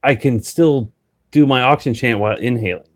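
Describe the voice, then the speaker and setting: A man talking casually and rambling with many fillers, a licensed auctioneer who breaks into a rapid auction chant. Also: mid-range voice, no room sound. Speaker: reseller and auctioneer. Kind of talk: casual live chat.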